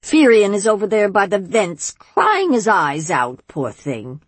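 A woman's voice: medium pitch, sing-song, measured pace, slightly rough, dry recording, pitched above the performer's own voice. A woman voicing a bossy old witch who scolds and bellows at others in a storybook reading. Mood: exasperated.

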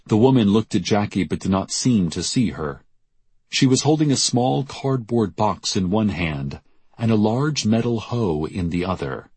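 A man narrating a novel as an audiobook in a measured, deadpan storytelling manner. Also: lowish voice, slightly rough, no echo.

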